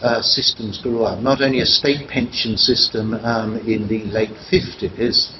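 A man's voice: on the low side, fairly even intonation. Older guy lecturing in a room, lots of ums and false starts, muffled noisy recording. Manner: halting, many ums and restarts. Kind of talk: academic lecture.

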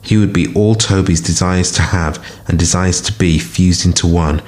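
A man with a very deep voice narrates scripted fiction in a measured, dramatic way. He reads as the storyteller of a podcast tale. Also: fairly even intonation, a little mellow. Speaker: story reader.

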